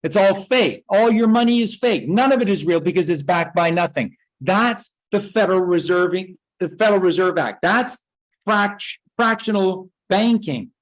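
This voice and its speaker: A woman's voice: medium pitch, expressive, moderate pace, low-quality recording. A woman giving a rambling spoken lecture, emphatic and swearing, firing off rhetorical questions. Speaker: speaker giving a talk.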